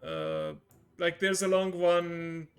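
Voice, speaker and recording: A man's voice: fairly high pitch, wildly swooping pitch, takes it slowly. A man hosting a casual online language lesson, explaining patiently and encouraging his students. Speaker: language teacher and stream host. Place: online voice call on a livestream.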